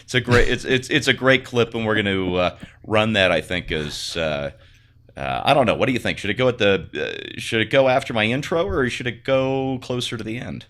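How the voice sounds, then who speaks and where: A man's voice: fairly low pitch, lively intonation, a little fast, fairly bright tone. A man co-hosting a casual planning meeting, earnest and a bit hesitant as he works out the running order. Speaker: co-host.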